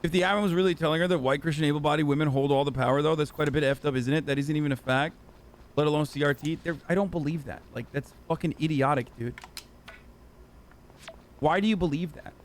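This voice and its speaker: A man's voice: on the high side, fast talker, a little hiss or hum. Heated, profane man ranting. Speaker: livestream host. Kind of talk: ranting reaction commentary.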